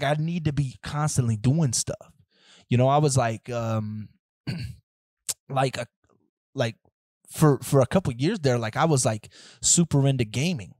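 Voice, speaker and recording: A young man rants on his solo podcast, talking into a close, dry mic at a middle pitch. He rambles from tangent to tangent, swears freely, and leans on fillers. His voice jumps up for loud outbursts, then drops to low mutters. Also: no room sound. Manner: rambling, profane, restless, many fillers and tangents; lively, swings from loud outbursts to muttered asides. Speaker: podcast host. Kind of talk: casual solo podcast rant.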